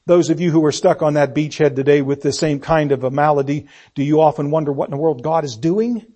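A man preaching a sermon. He asks the congregation rhetorical questions and swings between loud emphasis and hushed delivery. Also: fairly high pitch, fairly quick.

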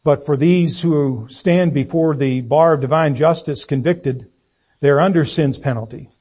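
Male preacher, sermon, slow and deliberate, mellow husky voice. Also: fairly high pitch. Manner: slow, deliberate, emphatic delivery. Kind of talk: sermon with scripture reading and prayer.

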